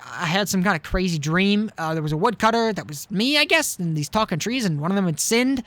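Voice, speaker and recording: Wry high-voiced male game streamer. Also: expressive, a little fast, fairly bright tone, no room sound. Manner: wry, joking asides. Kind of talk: casual game commentary.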